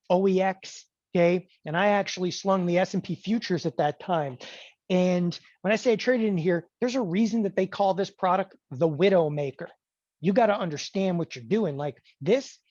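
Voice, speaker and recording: A man's voice: high voice, no echo, muffled recording. Emphatic male trading educator. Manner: energetic, emphatic, mock-panicked asides. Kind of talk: live webinar screen-share demo.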